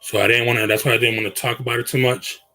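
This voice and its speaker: A man's voice: medium pitch, little pitch movement, rapid-fire, bright, forceful tone, faint music behind, low-quality recording. A man hosting a casual livestream from his bedroom, talking to viewers in slangy, earnest speech that often trails off and restarts. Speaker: livestream host.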